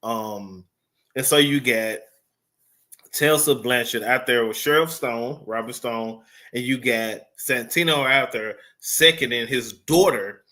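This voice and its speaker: A man's voice: mid-range voice, pushed and bright. A man giving a casual, rambling wrestling review off the cuff, full of fillers and swearing. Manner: rambling, profane, filler-heavy.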